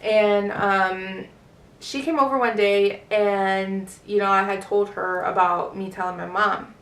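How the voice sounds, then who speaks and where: A woman's voice: medium pitch, fairly even intonation, slow, fairly bright tone. Twenty-something woman chatting a story to camera, lots of um and like, echoey room, sits away from the mic. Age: 20s. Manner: rambling, lots of fillers and swearing. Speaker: vlogger. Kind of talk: casual storytime. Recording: roomy echo, distant mic.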